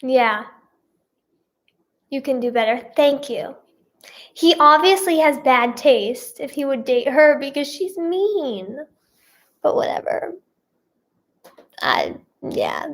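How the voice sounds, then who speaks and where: A woman's voice: high voice, animated, takes it slowly, long pauses. A teenage girl chatting casually to her viewers, rambling and full of "like" and "yeah" fillers. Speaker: vlogger and singer. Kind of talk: casual storytime chat to camera.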